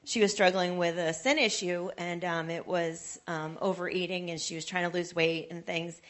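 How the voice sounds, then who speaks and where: A woman's voice: on the low side, fairly even intonation, moderate pace, fairly bright tone. A woman in the congregation telling a story from her own life, speaking conversationally with light hesitations. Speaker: congregation member sharing a story. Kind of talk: casual testimony.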